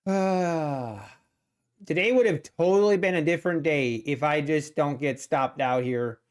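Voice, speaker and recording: A man's voice: a little high, measured pace. A man in his thirties with a Pennsylvania Dutch accent, rambling and thinking aloud while commenting on his live trading. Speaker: day trader streamer.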